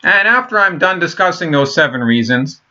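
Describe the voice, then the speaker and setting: A man's voice: fairly high pitch, animated, moderate pace, pushed and bright, muffled recording. A man in his thirties talking in a rambling, blunt casual monologue, full of fillers, restarts and swearing. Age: 30s. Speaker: vlogger.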